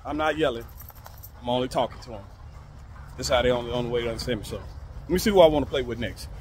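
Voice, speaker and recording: A man's voice: medium pitch, fast, darkish tone, a little hiss or hum. A man, a kennel owner giving his dogs short commands in a casual outdoor vlog. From Arkansas, US. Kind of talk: casual dog-training vlog.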